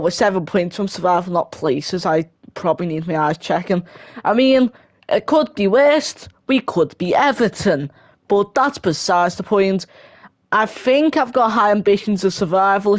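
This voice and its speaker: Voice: mid-range voice, dry recording, studio quality. A young adult giving a casual, chatty voice-over of a football game, correcting themself and laughing briefly along the way. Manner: chatty, self-correcting, quick laughing asides. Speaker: gaming video creator.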